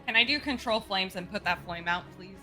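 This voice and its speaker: A woman playing in a tabletop game, playful and quick to laugh. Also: mid-range voice, sharp tone, faint music behind. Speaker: player. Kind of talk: casual tabletop play.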